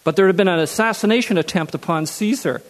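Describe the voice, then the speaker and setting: A man's voice: high voice, fast talker, big-room sound. A man preaching a sermon who reads scripture aloud and then repeats key phrases for emphasis.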